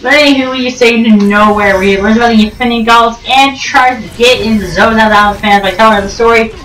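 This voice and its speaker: A woman giving rambling, joking commentary over gameplay, full of ums and restarts and sudden jumps in pitch. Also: fast, fairly bright tone. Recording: roomy echo, distant mic, faint game music.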